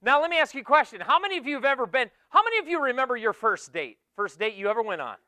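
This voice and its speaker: Animated, playful man with a bright high voice. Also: rapid-fire, smooth, no room sound, clean studio sound. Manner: animated, jokey, audience-teasing, swings from loud to hushed. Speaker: keynote speaker. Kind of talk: energetic motivational keynote talk. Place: conference hall with a student audience.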